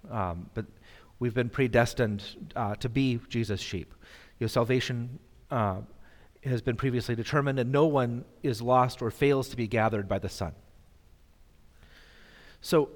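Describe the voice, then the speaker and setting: A man teaching a bible lesson to an audience, halting and self-deprecating, with many fillers and restarts. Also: medium pitch. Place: hall in front of an audience. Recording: long hall reverb.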